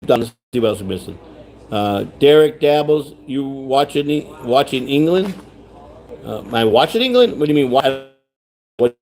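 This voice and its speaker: A man's voice: mid-range voice, lively intonation, moderate pace, darkish tone. A man hosting a rambling livestream chat, repeating himself, restarting sentences and reading viewer comments aloud. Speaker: livestream host.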